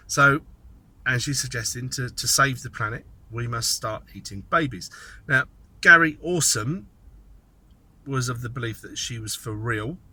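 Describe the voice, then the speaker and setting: A man's voice: medium pitch, pushed and bright, breathy edge. A man giving a rambling, sardonic commentary monologue, thinking aloud as he goes. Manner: sardonic, mocking asides. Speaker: political commentator.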